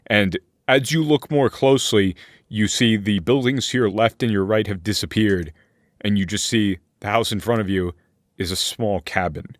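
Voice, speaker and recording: Role: game master. Sex: man. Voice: low, recorded dry and close with no room sound. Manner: loose, filler-heavy scene narration. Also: normal speed, no room sound.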